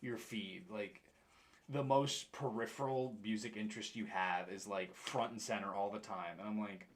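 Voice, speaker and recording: A young man with an upstate New York accent chats casually on a stream while painting miniatures, answering his chat in a rambling way. His voice is lowish and his speed is normal.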